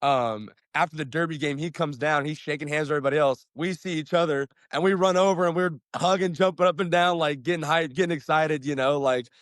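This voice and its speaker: A young man, a high school football coach, talks in a casual interview, upbeat and rambling, with lots of fillers and restarts. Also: a little fast, hardly any pauses, fairly bright tone, dry recording, studio quality.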